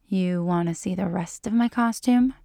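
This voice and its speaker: A woman's voice: medium pitch, normal speed, darkish tone, no echo, studio quality, close to an everyday voice. A woman doing Scully, cool and clinical. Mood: teasing. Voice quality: haughty, clinically level. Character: composed female doctor, dry and teasing.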